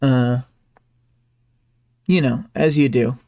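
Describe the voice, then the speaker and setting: A man's voice: mid-range voice, steady tone, takes it slowly, gravelly, dark tone. A man hosting a livestream, recapping a story chapter in a loose, casual way, with frequent ums and small asides. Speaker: livestream host.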